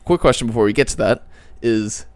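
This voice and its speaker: This young man hosts a loose podcast with his friends. He rambles through everyday stories, laughs often and lets his voice rise when he gets worked up. His pitch sits in the middle of the range for a man. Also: fairly quick, smooth. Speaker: podcast host. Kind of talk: casual podcast chat.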